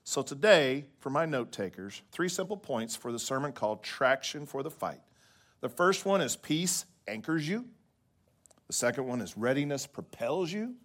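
A pastor delivering a sermon to his congregation in a lively preaching manner. He checks in with "right?" and now and then drops his voice soft and quiet for emphasis. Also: mid-range voice, moderate pace.

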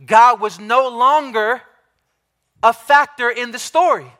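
High-voiced preaching man. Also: pushed and bright. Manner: emphatic, repeats key phrases, slows down for stress; speaks directly to the congregation with questions. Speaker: pastor. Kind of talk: sermon.

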